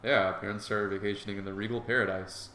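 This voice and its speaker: A man's voice: fairly low pitch, steady tone, quick pace, slight background noise. A man voicing a crude teasing teen guy. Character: brash crude teenage male animal. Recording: echoey room, soft guitar music.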